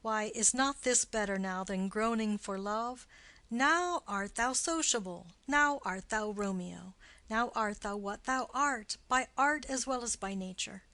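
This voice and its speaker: A woman reading the part of a witty, mocking young male nobleman in an audiobook, with quick, playful, teasing delivery. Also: on the high side, pushed and bright, no room sound.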